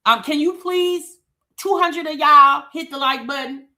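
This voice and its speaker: Bright high-pitched woman livestream host. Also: a little slow. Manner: auctioneer-style chanting of numbers. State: out of breath. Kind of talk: casual livestream chat.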